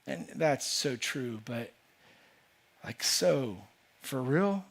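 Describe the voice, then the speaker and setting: In a church sanctuary, a pastor delivers a sermon to his congregation, earnest and emphatic, often repeating words and restarting as he builds a point. His medium-pitched voice moves slowly, with vocal fry and a slightly bright edge.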